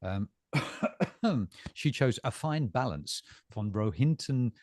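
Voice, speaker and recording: A middle-aged man co-hosting a casual bookstore chat, talking in halting bursts with lots of fillers and repeated words. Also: medium pitch, expressive, a little mellow. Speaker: bookstore staff co-host.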